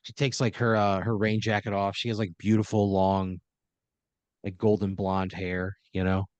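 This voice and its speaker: A man's voice: lowish voice, little pitch movement, moderate pace, smooth, no echo, dull audio. A man narrating an improvised story on a comedy podcast, rambling and full of fillers.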